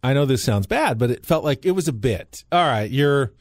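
A man's voice: medium pitch, animated, moderate pace, dry recording. A man hosting a sports talk radio show, who reads station promos and call-in numbers and then chats freely with his co-hosts into a studio microphone.

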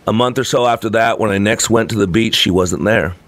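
A man's voice: fairly low pitch, a little fast, a bit bright, slight background noise. A man reading a first-person story aloud in a reflective, earnest manner. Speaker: narrator.

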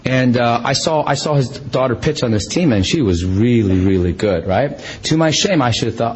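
A middle-aged male pastor preaching a sermon in a conversational, animated way, with self-deprecating humor and frequent restarts. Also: mid-range voice, brisk, rough recording.

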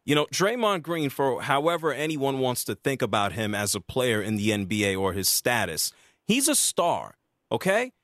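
A man's voice: normal speed, hardly any pauses, no room sound, clean studio sound. A man hosting a sports talk radio show, arguing his point with emphasis. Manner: emphatic, argumentative, lively pitch swings.

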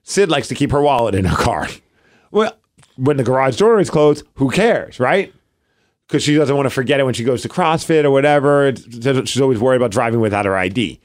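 A man in his thirties co-hosting a podcast, telling a story with plenty of energy. His voice sits at a middle pitch, and he slips into quoted lines as he goes. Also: a little fast. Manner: animated storytelling, acts out quotes. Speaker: podcast co-host. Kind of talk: casual chat.

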